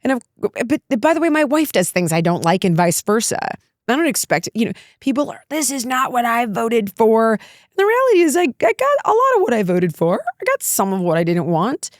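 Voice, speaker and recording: A woman's voice: a little high, big pitch swings, fairly quick, no room sound, clean studio sound. Emphatic, opinionated middle-aged woman. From United States. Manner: emphatic, opinionated, laughs often. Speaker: guest. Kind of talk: candid political talk.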